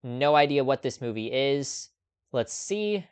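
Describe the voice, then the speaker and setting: A man hosts a relaxed live movie chat, rambling casually and laughing softly between thoughts. His voice is smooth and clear, sitting at an ordinary middle pitch. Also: measured pace. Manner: chatty, laughs often, lots of ums. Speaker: host.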